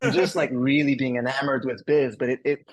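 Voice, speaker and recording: A man in his forties with a French Canadian accent, a guest chatting casually on a podcast in a rambling, relaxed way. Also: mid-range voice, brisk, no room sound. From Canada, Montreal. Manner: rambling and relaxed, many fillers and restarts.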